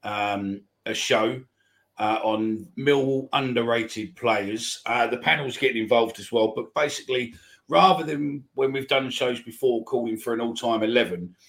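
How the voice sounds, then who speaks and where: A man's voice: lowish voice, fairly bright tone. A man hosting a live football podcast, chatting casually and rambling through announcements. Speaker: podcast host.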